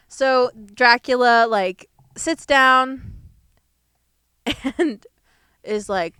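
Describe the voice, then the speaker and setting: A woman's voice: on the high side, takes it slowly, a bit bright, smooth, no echo, clean studio sound. A young woman co-hosting a podcast, recapping a movie in casual chat, laughing often and full of fillers. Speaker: podcast co-host.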